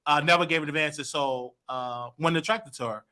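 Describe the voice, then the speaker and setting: A man telling a personal story as a guest, animated and expressive, jumping into loud voices when quoting people. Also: a little high, normal speed, a crowd in the background. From Chicago.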